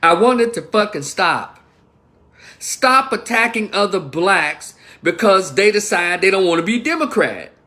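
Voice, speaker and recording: Unhurried but animated, a Memphis man's high-pitched, sharp-toned voice carries his livestream rant. He swears often, gets heated and speaks directly to the viewers about his opinions.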